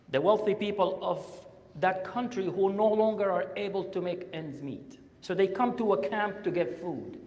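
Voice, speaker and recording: A man giving an impassioned Friday sermon as a guest speaker at a mosque, swinging between loud urging and hushed pauses. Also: sits high. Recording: long hall reverb.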